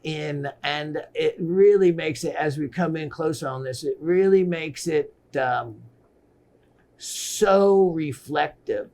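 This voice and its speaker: A middle-aged man hosting a gemstone shopping show, presenting pieces with excitement and repeating phrases for emphasis. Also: on the high side, slow pace. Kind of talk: enthusiastic sales presentation.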